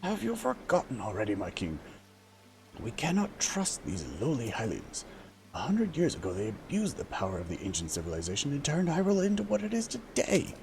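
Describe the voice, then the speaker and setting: A man's voice: medium pitch, a little fast, vocal fry, faint music behind, voice pushed up. A man voicing an elderly, proud and scornful male fish-man advisor in a video game, talking in an indignant, scolding way. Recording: steady background noise.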